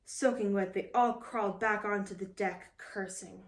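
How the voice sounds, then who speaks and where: A woman reading a children's picture book aloud in a lively, expressive storytelling manner. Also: mid-range voice, moderate pace, distant mic. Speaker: storybook reader. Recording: roomy echo.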